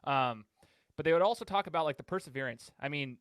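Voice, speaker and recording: A man's voice: fairly high pitch, fast talker, dry recording. A man hosting an interview podcast, casual and chatty as he sets up his question. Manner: relaxed, conversational, chatty with fillers. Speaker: podcast host.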